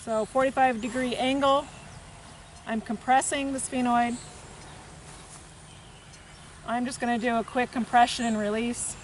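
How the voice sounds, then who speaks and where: A soft-spoken woman with a fairly high voice talks through a hands-on equine therapy session outdoors. Her explanations are gentle and unhurried. Faint outdoor noise and birdsong sit behind her on the camera mic. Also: level tone. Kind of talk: hands-on demonstration narration. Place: outdoors with a horse, rural setting.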